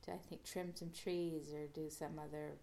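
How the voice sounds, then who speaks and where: A woman's voice: low-pitched, level tone, moderate pace, dark tone, slight background noise. A woman podcast host casually recapping an episode, rambling with many fillers and restarts.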